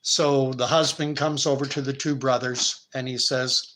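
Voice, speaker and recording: A Canadian man in his fifties, hosting and retelling a parable in a relaxed, conversational way. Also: mid-range voice, a little slow, hardly any pauses, poor audio. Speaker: host. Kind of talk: storytelling commentary.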